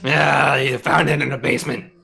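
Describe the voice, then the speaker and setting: A man's voice: mid-range voice, fairly even intonation, normal speed, vocal fry, sharp tone, faint music behind. A man playing a tabletop game, wisecracking and joking. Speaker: player.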